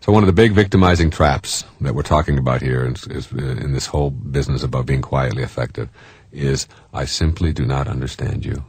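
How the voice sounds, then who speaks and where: A middle-aged man giving a self-help talk in a lively way, often mimicking other people's voices and chuckling at his own jokes. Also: a bass voice, a little fast, slightly rough, no room sound. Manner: animated, jumps into mimicking voices; chuckles while telling jokes. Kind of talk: motivational talk.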